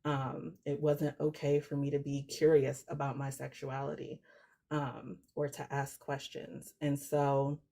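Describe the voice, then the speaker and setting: A middle-aged woman guest speaking reflectively in a casual live-stream chat, soft-spoken with many fillers. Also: very deep voice, little pitch movement, measured pace, vocal fry.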